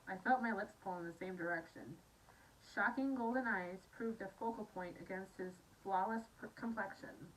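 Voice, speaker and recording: A Scottish woman reads a romance novel aloud in a loose, conversational manner, stumbling over words and breaking off for chatty asides. Her voice sits at a middle pitch and sounds slightly distant from the mic, with a faint bed of noise behind it. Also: a bit bright. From Scotland. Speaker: audiobook reader. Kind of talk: casual amateur audiobook reading.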